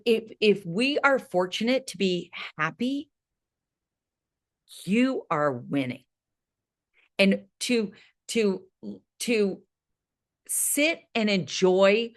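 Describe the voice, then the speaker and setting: Emphatic woman in her late fifties coaching. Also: medium pitch. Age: 50s. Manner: energetic, emphatic, frequent "right?" tags. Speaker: fitness coach. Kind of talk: motivational talk to a class.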